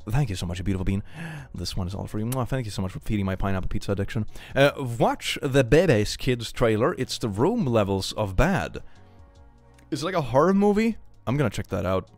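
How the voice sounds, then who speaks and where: A playful man chats to his stream audience with a lively, wide-swinging delivery. His voice sits dry and close to the mic, with soft music under it. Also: on the low side, fairly quick, no room sound. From Sweden. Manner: playful, animated, jokey. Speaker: live streamer. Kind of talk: casual live-stream chat, reading donations.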